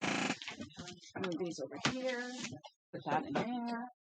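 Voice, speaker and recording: A chatty woman at home wanders between small talk and cooing at her dog in a high sing-song, all before reading aloud from a novel. She speaks slowly and animatedly, with noise in the background.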